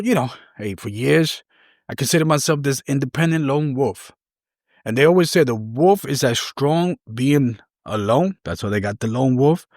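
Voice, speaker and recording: A man's voice: mid-range voice, no echo, studio quality. A man, hosting a podcast and telling a personal story in an earnest, rambling, conversational way. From New York City. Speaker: podcast host.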